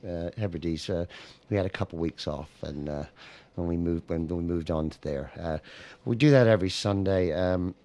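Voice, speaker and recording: In a radio studio, an American singer-songwriter who plays guitar chats casually in an interview, rambling easygoingly with plenty of fillers. His low, mellow voice moves at a moderate pace, and his American accent has picked up some Scottish words.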